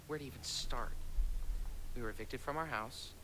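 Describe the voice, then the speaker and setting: An actor playing a weary young man from a secret society, complaining with exasperation, with clear background noise in the game audio. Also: mid-range voice, moderate pace, natural voice. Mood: exasperated. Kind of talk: game dialogue.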